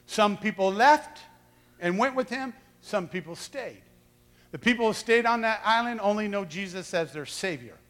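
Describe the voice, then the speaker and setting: High, bright-voiced male preacher in a reverberant hall. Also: moderate pace. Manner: animated, acts out quoted voices, shouts for emphasis. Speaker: pastor. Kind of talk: sermon.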